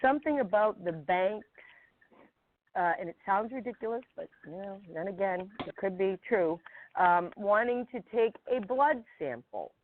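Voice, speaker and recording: A woman calling in by phone to a talk show, speaking in an emotional, halting way. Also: medium pitch, expressive, a little hiss or hum. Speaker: caller. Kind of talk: call-in phone chat. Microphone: telephone. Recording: tinny phone line.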